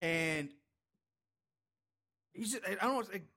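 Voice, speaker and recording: A man's voice: sits high, expressive, unhurried, sharp tone. A man casually recapping a horror film with a co-host, rambling with lots of fillers and the odd swear. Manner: rambling, profane, laughing recap with many fillers. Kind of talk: casual chat.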